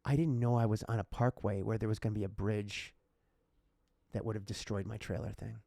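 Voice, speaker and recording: A man's voice: fairly low pitch, steady tone, brisk, creaky, warm tone, dry recording. A man hosting a casual podcast, telling a personal story in a heartfelt, emotional way. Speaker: podcast host.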